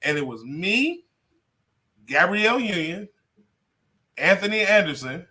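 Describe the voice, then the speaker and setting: A middle-aged comedian from Detroit telling a story in a casual interview, laughing often and cursing freely. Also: male voice, sits high, very animated, a little slow, sharp tone. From Detroit, USA. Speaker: comedian guest.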